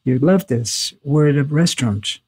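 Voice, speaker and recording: An older man, a guest in a casual interview, telling animated anecdotes with laughs and swearing. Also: mid-range voice, moderate pace, slightly rough.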